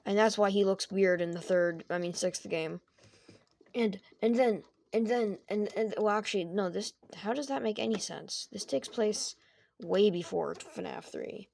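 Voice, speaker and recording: A woman's voice: medium pitch, a little slow, vocal fry, darkish tone, a little hiss or hum. A woman telling an improvised comedic game story, rambling and jokey and often breaking off mid-sentence. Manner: rambling, jokey, self-interrupting.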